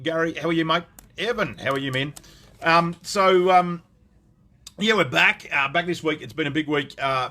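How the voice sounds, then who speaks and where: A man's voice: on the high side, bright, forceful tone. Chatty Australian man greeting viewers. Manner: chatty, greets viewers by name, lots of ums. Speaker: gun shop owner hosting a live stream. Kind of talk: casual live-stream chat.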